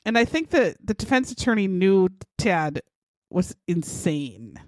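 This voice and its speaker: A woman's voice: medium pitch, measured pace, no echo. A woman co-hosting a true-crime podcast, animatedly retelling a case in casual chat. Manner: animated retelling, acts out quotes in shouted voices. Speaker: podcast co-host.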